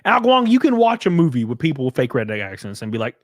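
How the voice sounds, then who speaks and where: A man's voice: mid-range voice, huge pitch swings, quick pace, few pauses, no echo, clean studio sound. A man from Alabama with a Southern accent, chatting casually and profanely on a live stream while reading chat aloud. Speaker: streamer host.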